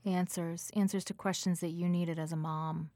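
A woman hosting a radio interview, calm, with short affirmations and reflective follow-ups. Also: fairly low pitch, moderate pace, no room sound, clean studio sound. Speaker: radio host.

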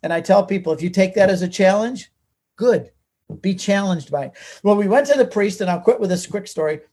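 An older man, a guest author, telling his personal story in an animated, emotional way. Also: high voice, brisk, slightly rough. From United States.

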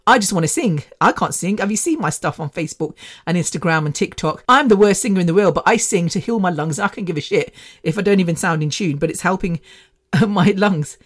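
A woman's voice: lowish voice, a little fast, husky. A woman in her fifties hosting a podcast, telling a story in a rambling, chatty way with frequent laughter and the odd swear word. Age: 50s. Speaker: podcast host. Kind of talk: casual storytelling.

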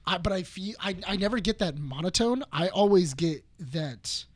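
A man co-hosting a casual podcast chat, excitable and often restarting his sentences. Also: high-pitched, moderate pace, dry recording. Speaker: podcast co-host.

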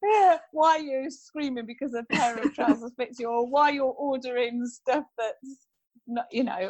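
A woman, chatting as a guest and telling stories with lots of excitement and quoted voices. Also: high-pitched, moderate pace. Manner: excitable storyteller, quotes people. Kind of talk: casual chat.

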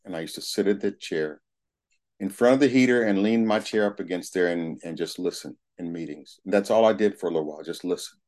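A man's voice: deep voice, quick pace, a little mellow. A middle-aged man giving a candid, plain-spoken personal testimony at a recovery meeting, with casual swearing. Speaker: speaker sharing his recovery story.

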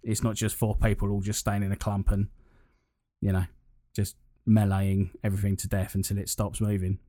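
This man's voice is lowish and dark, delivered in a monotone at normal speed as he chats casually about games. He rambles and restarts sentences when he gets excited, and the sound is dry and close-miked with no surrounding room.

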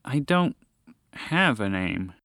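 A man's voice: on the high side, big pitch swings, fairly quick, pushed and bright, dry recording, studio quality, voice pushed up. A man voicing a small, impatient chocolate lab dog who talks in a judgmental, exasperated, condescending way in a storybook tale. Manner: judgmental, exasperated, matter-of-fact.

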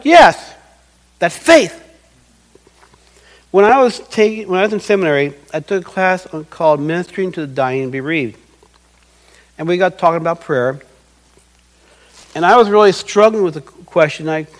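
A man's voice: high voice, normal speed, pauses often, rough recording. A middle-aged man preaching a sermon as pastor, earnest and acting out quoted voices.

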